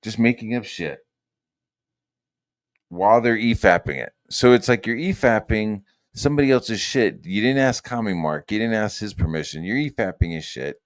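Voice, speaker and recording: Low-voiced guy streaming, swearing a lot, rambles, goes from loud ranting to muttering. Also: normal speed. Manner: rambling, profane, swings between loud rants and mutters. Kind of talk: profane casual stream commentary.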